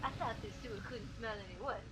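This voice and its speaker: Amid heavy background noise, a woman hosts a let's play, commentating a game in a jittery way, swearing and muttering to herself. Her voice is a little high and quick, and her headset mic is flipped up above her head.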